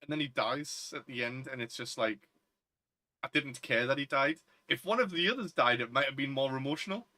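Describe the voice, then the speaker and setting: Guy, bright forceful voice, chatty film podcast, laughs a lot. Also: medium pitch, a little fast. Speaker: podcast co-host. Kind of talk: casual chat.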